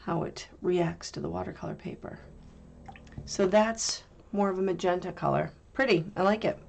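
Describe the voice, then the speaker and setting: Female art host, unhurried and gravelly, thinks aloud casually while painting. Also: on the low side, darkish tone, slight background noise. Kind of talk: casual paint swatching review.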